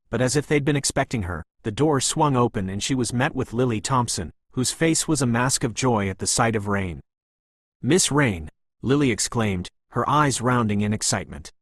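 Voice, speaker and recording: Man, audiobook narrator, calm even reading, mid pitch, dry close sound. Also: dry recording. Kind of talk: scripted narration of a novel.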